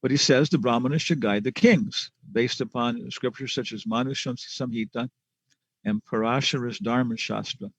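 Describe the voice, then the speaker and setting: Gravelly man teaching a scripture class. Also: medium pitch, normal speed, no echo, low-quality recording. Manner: chatty storytelling with restarts and chuckles. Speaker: spiritual teacher.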